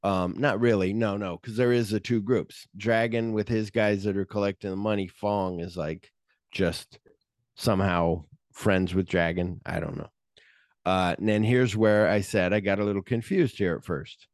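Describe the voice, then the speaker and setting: A man's voice: lowish voice, fairly even intonation, normal speed, no room sound, studio quality. A man co-hosting a podcast, recapping a movie in casual profane chat and acting out the scenes in quoted voices. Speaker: podcast co-host.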